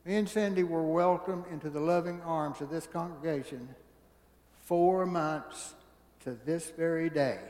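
A man preaching a sermon in a church, telling folksy stories and swinging from hushed asides to booming exclamations. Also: a little slow, a little hiss or hum. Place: church sanctuary. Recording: church hall reverb.

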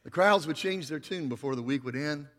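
A male pastor preaching a sermon, swinging between loud, emphatic passages and quiet, slow emphasis. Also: fairly high pitch, in a large hall.

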